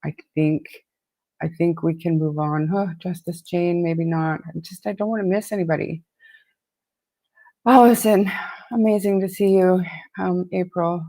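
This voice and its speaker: Hosting a true crime stream, an Atlantic Canadian woman speaks in a lowish, warm, steady voice while nursing a sore, swollen throat. She's chatty, fires off quick greetings to viewers, and restarts often. The audio has no room sound.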